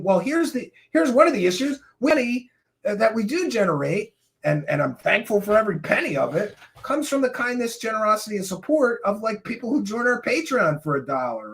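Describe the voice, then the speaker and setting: A man hosting his own commentary show, ranting sarcastically and breaking into shouts at times. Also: high voice. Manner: animated, sarcastic, bursts into shouting. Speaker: show host.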